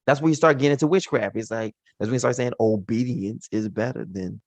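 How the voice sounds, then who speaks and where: A man's voice: mid-range voice, fairly quick, no room sound. A man teaching from the Bible in an informal, slangy way, acting out the characters' lines as he retells the stories.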